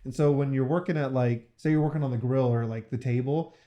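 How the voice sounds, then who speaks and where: A man's voice: mid-range voice, quick pace, muffled recording. A young man in casual podcast chat, telling stories with lots of swearing. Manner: animated storyteller, swears often.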